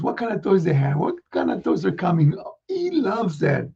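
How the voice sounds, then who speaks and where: A man tells a children's story in a husky, gravelly voice that swings up and down. He gasps and talks straight to his young listeners. The recording is dull and lo-fi. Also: high-pitched, moderate pace. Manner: animated, gasping, addresses young listeners.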